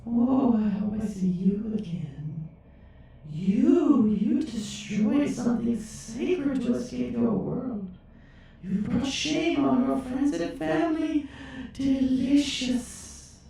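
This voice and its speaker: A man voicing a creepy, taunting disembodied female voice that speaks slowly and mockingly, in a heavy echo. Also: very high voice, creaky, mellow, pitched above the performer's own voice, exaggerated voice. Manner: slow, mocking, whispery. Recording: heavily echoed voice.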